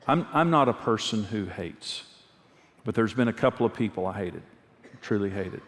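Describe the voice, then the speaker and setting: A man's voice: fairly low pitch, expressive, moderate pace, a bit bright. A man preaching a conversational sermon, telling personal stories earnestly and repeating his key phrases. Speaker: pastor and marriage speaker. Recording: long reverb of a large hall.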